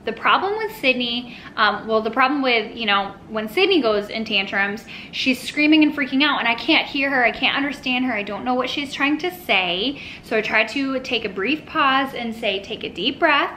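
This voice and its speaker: A woman with a fairly high, bright, crisp voice chatting casually to camera as a parenting vlogger. She talks in an easy, rambling way with lots of little asides, a faint hiss running under the recording. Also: lively intonation, normal speed, few pauses, low-quality recording. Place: at home with her toddler nearby.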